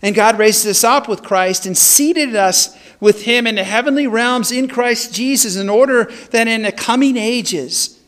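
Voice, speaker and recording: High-voiced pastor preaching with drama. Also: male voice, unhurried. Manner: dramatic storytelling, rising to loud calls. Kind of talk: sermon. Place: church sanctuary.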